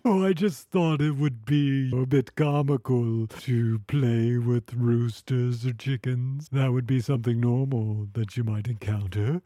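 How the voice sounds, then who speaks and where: A man's voice: mid-range voice, fairly even intonation, unhurried, hardly any pauses, mellow, no echo, studio quality. A man hosting an improvised comedy podcast, with a prim, genteel interviewer tone. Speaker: host.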